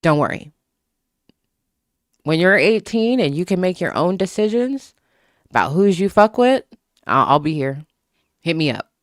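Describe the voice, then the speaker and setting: An author livestreams from a room at home with the window open, chatting casually into a small desktop microphone. The voice is medium-pitched and very animated, measured in pace with frequent pauses, and the talk is loose, profane, and full of laughter. The recording is dry, with clean studio sound.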